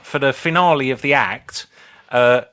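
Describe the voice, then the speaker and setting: A man's voice: medium pitch, measured pace, sharp tone. A man in his fifties, co-hosting a comedy podcast as a rambling, sweary storyteller. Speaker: podcast co-host. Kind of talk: casual chat.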